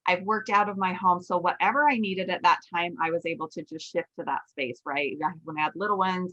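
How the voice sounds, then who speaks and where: Female host, 40s, lower register, frank conversational storyteller; muffled lo-fi audio. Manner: candid, animated retelling with quoted self-talk. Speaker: podcast host, nail instructor. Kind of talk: casual storytelling chat.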